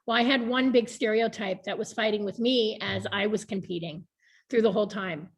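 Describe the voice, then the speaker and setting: A woman's voice: medium pitch, moderate pace, husky. A woman in her thirties chatting frankly about her past on a video call, laughing often. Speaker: board member being interviewed. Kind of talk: casual video call chat.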